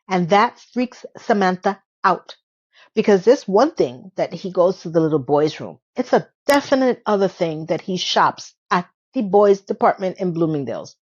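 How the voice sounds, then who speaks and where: A woman's voice: medium pitch, a little mellow, muffled recording. A woman hosting a casual TV recap, retelling scenes in a chatty way with sarcastic asides. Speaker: TV episode recap host.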